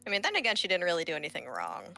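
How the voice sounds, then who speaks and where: Bright-voiced giggly woman player. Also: on the low side, wildly swooping pitch, rapid-fire, vocal fry, faint music behind. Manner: giggly, chatty reactions. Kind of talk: casual chat at a tabletop game.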